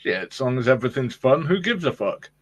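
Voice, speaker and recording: A man's voice: medium pitch, sing-song, fairly quick, breathy edge. A Welsh man from Wales, chatting as a guest in a blunt, laid-back, profane way. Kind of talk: casual chat.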